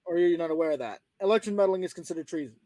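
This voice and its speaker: A man's voice: a little high, racing, dark tone, no echo. A man arguing hotly in a casual call, insistent and talking over the others. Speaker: guest. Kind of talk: heated call-in argument.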